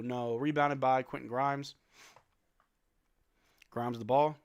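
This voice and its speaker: A man hosting a late-night live stream watch-along, calling plays in a casual way and swinging between flat dismay and sudden shouts while he is sleepy. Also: fairly high pitch, unhurried, clear, resonant tone, dry recording, lo-fi sound. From New Zealand. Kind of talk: casual play-by-play and chat.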